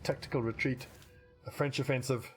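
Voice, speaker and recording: A man's voice: medium pitch, fairly even intonation, moderate pace, faint music behind. A man giving casual, rambling commentary while playing a strategy game, swearing casually and restarting his sentences. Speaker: let's play commentator.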